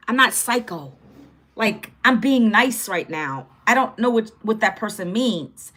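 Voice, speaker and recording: A woman in her fifties, a content creator, chats casually on a livestream in an animated, bright, forceful mid-range voice at a measured pace. Upbeat and chatty, she greets viewers by name.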